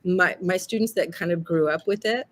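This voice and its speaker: A middle-aged woman, an actress and teacher, telling lively stories in a casual interview and acting out what others said. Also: fairly low pitch, normal speed. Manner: lively storytelling, quotes others in acted voices.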